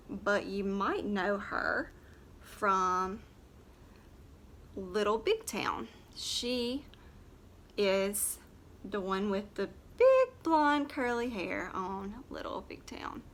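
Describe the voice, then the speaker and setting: A woman who is a nurse and makeup vlogger chats while doing her makeup on camera, rambling and speaking bluntly. Her medium-pitched voice is fairly bright. A little hiss or hum sits under this casual tutorial chat.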